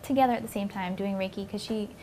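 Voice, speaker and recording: A woman's voice: mid-range voice, steady tone, fast, warm tone, a little hiss or hum. A woman co-host reading out listener questions in casual radio chat, upbeat with brief affirmations.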